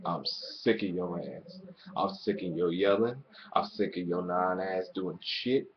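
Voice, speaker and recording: Swearing, excitable man reviewing wrestling. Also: low voice, a little slow, dull audio, a little hiss or hum. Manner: excitable, swears constantly, rants. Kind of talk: casual profane review rant.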